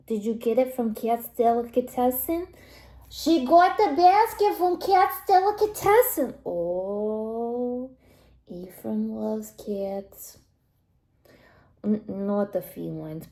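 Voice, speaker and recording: A woman doing a slow, meddling old grandmother. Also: fairly high pitch, dark tone, reverberant. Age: older. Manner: gossipy, drops into whispered asides and sighs. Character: nosy elderly Jewish grandmother, meddling and blunt. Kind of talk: comic character monologue.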